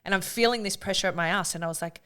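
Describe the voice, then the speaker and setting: A woman's voice: lowish voice, very fast. A woman, a mother of three, telling a birth story in casual chat and acting out the quotes. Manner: animated storytelling, acts out quotes.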